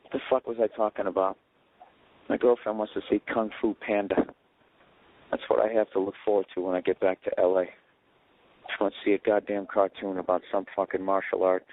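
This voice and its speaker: A man's voice: fairly low pitch, phone-quality sound. A man ranting sarcastically and profanely as a comedy podcast host, recorded in an airport waiting area on a phone. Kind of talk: rambling comedic rant.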